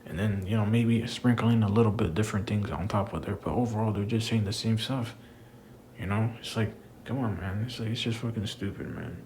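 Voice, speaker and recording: A man's voice: on the low side, brisk, background noise. A young man in a casual, exasperated rant about wrestling, swearing a lot and calling the listener "bro". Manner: profane, exasperated, says "bro" often. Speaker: wrestling commentator vlogger.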